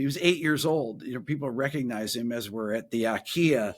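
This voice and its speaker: A man speaking a little fast tells a casual story as a guest musician and producer in a podcast interview. When quoting other people, he acts out their voices at a higher pitch.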